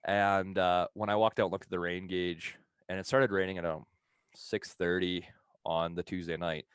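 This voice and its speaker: A man's voice: sits low, level tone, normal speed, clean tone, dry recording. A man on a casual podcast who tells a long story in a rambling, profane way and laughs often as he goes. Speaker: podcast co-host telling a story.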